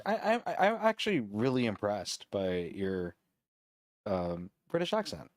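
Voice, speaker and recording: A man co-hosting a casual podcast, teasing the others and stammering when he gets excited. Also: on the low side, a little slow, no echo, studio quality. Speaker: co-host.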